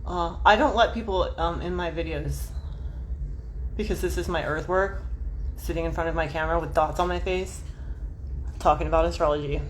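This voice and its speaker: A woman's voice: lowish voice, moderate pace, long pauses, slight background noise. A woman in her forties, livestreaming astrology talk from home in front of her camera, chatting to viewers in a scattered, self-deprecating way with frequent swearing. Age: 40s. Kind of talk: rambling livestream chat.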